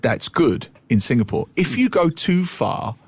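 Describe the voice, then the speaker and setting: A man co-hosting a casual radio chat, playful and animated, slipping into mimicked voices. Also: medium pitch, unhurried, husky. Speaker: radio co-host, language commentator.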